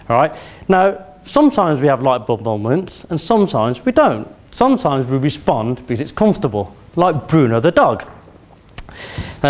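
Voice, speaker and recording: Birmingham man giving a motivational talk. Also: fairly high pitch. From Birmingham, England. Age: 40s. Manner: addresses the audience directly with questions and anecdotes. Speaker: competition speaker. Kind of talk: motivational speech. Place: event hall before an audience.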